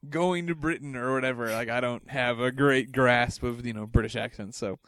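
A man's voice: mid-range voice, a bit bright, no room sound. Laid-back young man, joking podcast chat. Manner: joking, laughs often, halting restarts. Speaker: podcast co-host.

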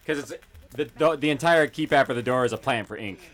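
A man co-hosting a podcast, talking casually and excitedly with lots of fillers. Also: mid-range voice, fast. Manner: chatty, animated, full of fillers. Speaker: co-host and voice actor.

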